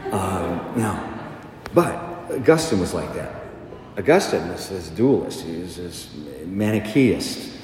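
A middle-aged man and pastor preaching a sermon, conversational and animated, asking the congregation questions. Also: deep voice, slow, slight background noise. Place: church. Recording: echoey church, long reverb, faint ambience.

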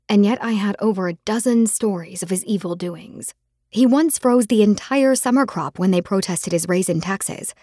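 A woman narrating a fantasy audiobook in the first person, with dramatic and expressive storytelling. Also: medium pitch, husky, no room sound, clean studio sound.

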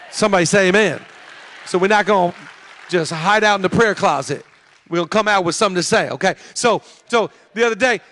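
A man in his thirties preaching a sermon, chatting with the crowd and building to loud preaching in a church. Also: sits high. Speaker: pastor. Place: large church hall. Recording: long hall reverb.

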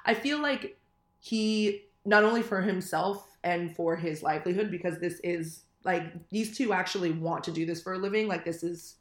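A woman's voice: lowish voice, moderate pace, roomy sound. A woman co-hosting a casual reality-TV recap chat, talking candidly with many fillers and blunt swearing. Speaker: podcast co-host.

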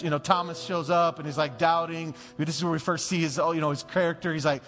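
A male pastor preaching a sermon, telling a Bible story in a lively, conversational way and acting out the scenes. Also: a little high, fairly quick. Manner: animated, conversational, acts out the scenes. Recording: long church-hall reverb, faint music.

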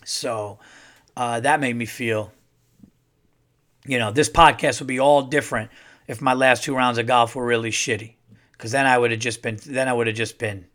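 A man's voice: mid-range voice, steady tone, normal speed, pauses often, fairly bright tone. A man hosting his own podcast alone, rambling and swearing as he rants in a worked-up way. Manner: rambling, profane, worked-up ranting. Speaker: podcast host. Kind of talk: casual solo podcast monologue.

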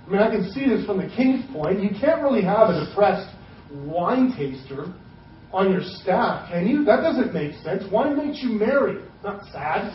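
A man's voice: high-pitched, lively intonation, moderate pace, a little hiss or hum. Man preaching in a roomy hall. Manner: casual, conversational preaching with acted asides. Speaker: pastor. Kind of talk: sermon. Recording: roomy, distant, dull sermon recording.

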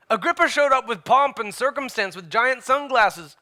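A man preaching a sermon as pastor, emphatic, swinging between loud declarations and hushed asides. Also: very high-pitched, expressive, moderate pace.

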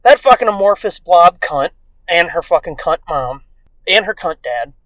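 A man co-hosting a casual podcast tells crude, profane stories in an animated way, acting out the voices of the people he quotes. His voice sits high, his pace is moderate, and there's no room sound.

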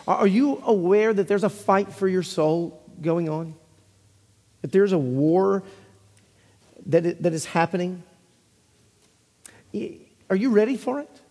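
A man's voice: sits high, measured pace, long pauses, darkish tone, husky, long reverb tail. A man preaching a sermon as pastor, earnest and full of rhetorical questions, often repeating phrases for emphasis.

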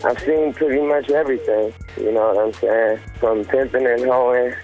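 A young man from Las Vegas talking in a relaxed, easygoing way as an interview guest. His voice sits at an ordinary pitch for a man, and he drops "you know" and "man" as he goes. Faint music plays underneath. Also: moderate pace, low-quality recording. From Las Vegas, United States. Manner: laid-back, loose, sprinkled with "you know" and "man". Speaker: rapper guest. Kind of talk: casual interview chat.

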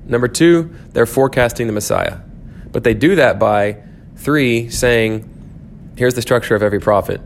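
Low raspy guy teaching a bible class, lots of um and restarts, bit of background hiss. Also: normal speed. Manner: thinks aloud with frequent restarts and fillers. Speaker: church teacher. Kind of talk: church class lecture.

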